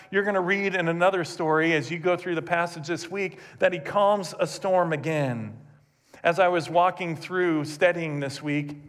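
A man preaching a sermon, retelling scripture with animated storytelling and rhetorical questions to his congregation. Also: sits high. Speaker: pastor.

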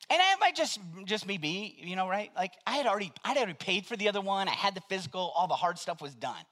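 A man's voice: high-pitched, very animated, a little fast, sharp tone. A man preaching to an audience, telling a self-mocking story and acting out both sides of the dialogue. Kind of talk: storytelling sermon.

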